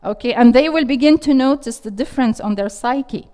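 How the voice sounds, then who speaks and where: A middle-aged woman with a slightly high, dark-toned voice talks a little fast as she teaches an interactive parenting workshop. In a classroom with a live audience, she restates the questions put to her and encourages the group.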